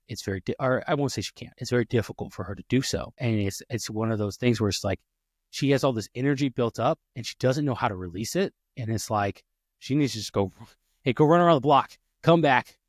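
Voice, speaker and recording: A man hosting a podcast chats casually, rambling with frequent restarts and fillers and acting out the dialogue he quotes. His voice is on the low side, and the studio-quality recording has no echo.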